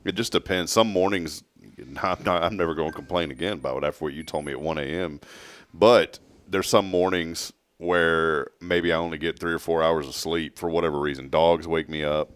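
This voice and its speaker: A man's voice: very deep voice, steady tone, brisk, clear, resonant tone, dry recording. A man hosting a morning show, telling a rambling story and laughing along. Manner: storytelling, laughs at his own jokes, mimics voices. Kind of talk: casual chat.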